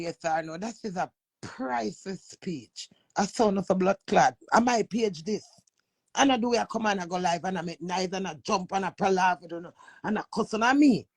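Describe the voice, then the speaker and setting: Gravelly Jamaican woman ranting. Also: mid-range voice, no echo. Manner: brash, swearing, talks back to viewers. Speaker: live-stream host. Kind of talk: casual live-stream rant.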